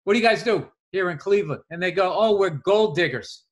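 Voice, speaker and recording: A man co-hosting a podcast, telling animated stories in casual chat and swearing freely. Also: high voice, a little fast. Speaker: podcast co-host.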